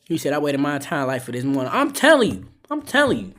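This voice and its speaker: Casual: dude on a phone live stream going off, heated and preachy, lots of cursing. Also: male voice, a little high, sing-song, fast, noisy background. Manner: impassioned, profane, preachy. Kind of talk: live stream reaction talk.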